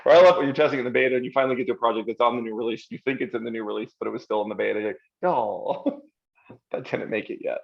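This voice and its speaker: A man with a gravelly, creaky voice at a middle pitch talks through a live question-and-answer stream. His delivery is chatty, rambling and self-deprecating. The computer-mic audio sounds a bit dull and lo-fi. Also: fairly even intonation, rapid-fire, hardly any pauses. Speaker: co-host of a live software Q&A show. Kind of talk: casual conversational livestream chat.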